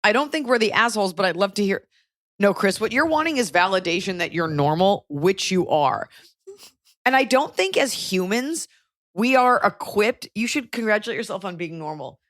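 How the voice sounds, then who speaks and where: Young woman podcast host, animated, jokey asides, dry close sound. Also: mid-range voice, normal speed, no echo. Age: young adult. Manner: animated, breaks off for comic asides. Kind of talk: casual podcast chat, reading a listener letter aloud.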